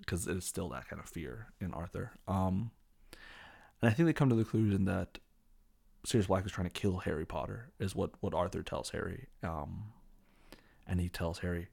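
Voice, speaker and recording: A man's voice: sits low, normal speed, vocal fry, darkish tone, breathy edge. A man hosting a podcast, casually retelling a film from memory in a rambling way, full of fillers and self-corrections. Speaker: podcast host.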